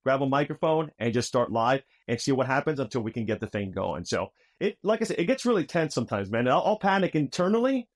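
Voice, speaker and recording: A man with a mid-range voice talks fast and excitedly as a podcast guest. He tells stories about his trivia show with easy slang like dude and my friend. He is recorded in his own studio under overhead microphones. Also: mid-range voice. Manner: energetic, says dude and my friend. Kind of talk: lively storytelling conversation.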